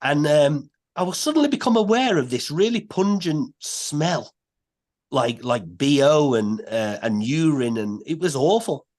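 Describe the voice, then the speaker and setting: A man, a podcast guest telling a story in a casual, animated way. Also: fairly high pitch, measured pace. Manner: animated, many restarts and quoted voices.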